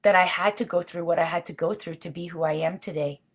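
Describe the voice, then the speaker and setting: On her livestream, a middle-aged woman answers viewer comments in a fast, fairly even, low-ish voice. She comes across as earnest and heartfelt, rambling casually and saying "you know" a lot.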